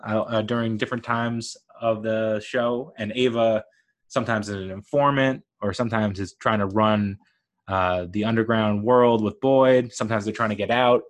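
A man's voice: fairly low pitch, fairly even intonation, normal speed. A man giving a casual, rambling spoken review of a TV show, enthusiastic and full of fillers like "uh" and "like".

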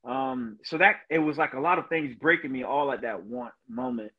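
A man speaks as a podcast guest, recounting his experiences with earnest emotion and frequent "you know" fillers. His voice sits at an ordinary middle pitch. The recording sounds a little dull and lo-fi. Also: lively intonation, normal speed, husky. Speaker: guest, Marine veteran and motivational speaker. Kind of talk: personal storytelling in a podcast interview.

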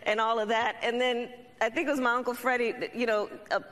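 A woman's voice: fairly high pitch, flat delivery, a little fast, fairly bright tone. A woman on stage as an author, telling a rambling family anecdote and laughing as she goes. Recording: roomy hall reverb.

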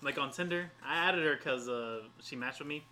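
This podcast co-host, a man in his twenties, chats casually and spins animated stories full of free swearing and acted-out quotes. He speaks at a moderate pace in a medium pitch, and the recording carries a little hiss or hum.

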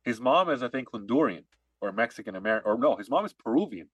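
A man's voice: medium pitch, animated, fast, husky, no echo, muffled recording. Emphatic ranting man, dry sound. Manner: emphatic, ranting, repeats himself. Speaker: podcast co-host. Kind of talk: heated political chat.

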